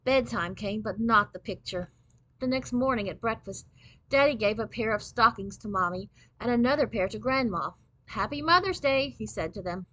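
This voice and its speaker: A woman reading a children's book aloud in clear, steady storybook narration. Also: mid-range voice, normal speed, muffled recording.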